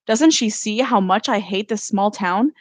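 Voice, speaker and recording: A woman's voice: medium pitch, measured pace, no room sound. Woman author reading her novel, dry sound. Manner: steady first-person narration.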